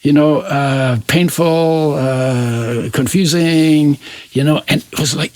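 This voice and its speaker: A man's voice: a little high, steady tone, unhurried. A man in his eighties, a guest in an interview, telling his life story in a reflective, searching way that often trails off mid-sentence. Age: 80s.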